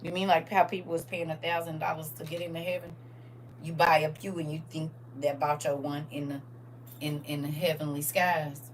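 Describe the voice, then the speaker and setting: A woman hosting a live-streamed Bible study, preaching in a lively, playful way and answering viewers' comments. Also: low-pitched, brisk, slight background noise.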